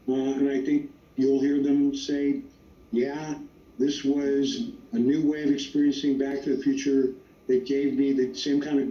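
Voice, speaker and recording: A man's voice: medium pitch, mellow. A man answering audience questions on a panel as the guest writer, telling stories with emphasis. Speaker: screenwriter guest. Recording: echoey distant lo-fi sound.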